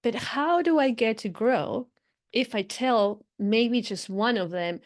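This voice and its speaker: A woman hosts a spiritual podcast and talks aloud in a loose, unscripted way. Her voice sits fairly high. She acts out her inner voices as she goes, laughs often and restarts her sentences. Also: expressive, measured pace, darkish tone. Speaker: podcast host and spiritual coach. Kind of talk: casual reflective monologue.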